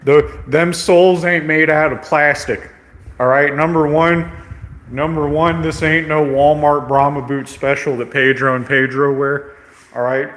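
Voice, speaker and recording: A man's voice: on the high side, fairly bright tone. Brash, profane man ranting. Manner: brash, profane, repetitive, with "okay?" tags. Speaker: vlogger. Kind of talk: rambling comedic rant.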